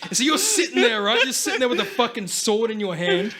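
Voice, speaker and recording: A man chatting casually on a podcast, rambling and swearing, now and then acting out loud voices. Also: very high voice, big pitch swings, brisk. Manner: rambling, swears a lot, acts out voices loudly. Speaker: podcast host. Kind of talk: casual chat.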